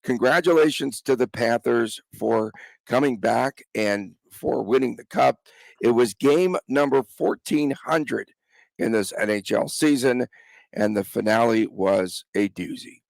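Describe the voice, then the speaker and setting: A man's voice: medium pitch, a little slow, vocal fry, a little mellow, no echo. A man with a cold hosting a casual sports podcast, chatting with his co-host and reading the intro. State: has a cold.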